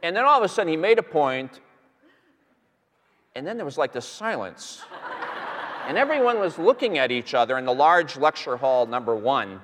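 A man teaching on a Bible passage to a live audience, telling it as an animated story with many fillers and restarts. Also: on the high side, normal speed, pauses often, slight background noise. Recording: long hall reverb.

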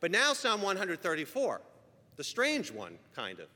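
A lively, high-voiced pastor delivers a sermon at a normal pace in a church sanctuary, his preaching earnest and conversational with frequent restarts. The large hall gives the recording a long reverb.

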